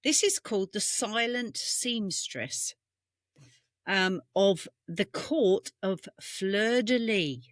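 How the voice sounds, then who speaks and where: A woman's voice: mid-range voice, lively intonation, slow, no room sound, clean studio sound. A British woman co-hosting a podcast, telling history tales in a meandering, self-correcting way over a video call. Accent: British English. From England. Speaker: podcast co-host. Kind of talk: casual storytelling chat. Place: home room on a video call. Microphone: webcam mic.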